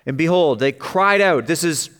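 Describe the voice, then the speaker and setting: A man's voice: animated, moderate pace, a bit bright. A man preaching an expository sermon in an emphatic way, his voice rising as he stresses vivid passages. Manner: emphatic, rises in pitch and volume on vivid passages.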